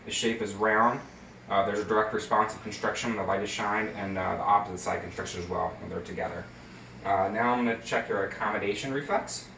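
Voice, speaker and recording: A man's voice: fairly low pitch, steady tone, quick pace, vocal fry, sharp tone, far from the mic, slight background noise. Hesitant man explaining an exam in an echoey room. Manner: hesitant, many fillers, explains each step. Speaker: nursing student. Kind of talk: recorded skills demonstration.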